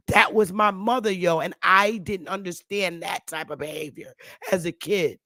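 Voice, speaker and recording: A woman's voice: lowish voice, moderate pace, pushed and bright, no room sound, clean studio sound. A woman talking straight to the camera in a casual monologue, blunt, heavy on profanity and emphatic. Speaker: online commentator.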